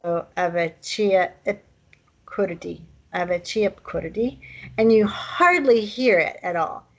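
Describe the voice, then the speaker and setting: A woman teaching a language lesson, explaining pronunciation and sounding out words slowly. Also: medium pitch, highs cut off.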